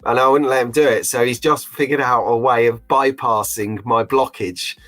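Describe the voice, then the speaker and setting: A man's voice: mid-range voice, fairly even intonation, moderate pace, a bit bright, faint music behind. A middle-aged man hosting a live stream in a chatty, jokey, openly emotional way. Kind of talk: casual live-stream chat.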